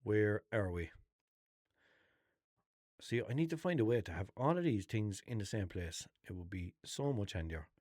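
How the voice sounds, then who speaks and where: In clean studio sound with no echo, a young Limerick-accented Irish podcast host tells meandering, profanity-laden stories off the cuff, restarting as he goes. His voice is fairly low and darkish, very animated, at a normal speed, and his manner is chatty.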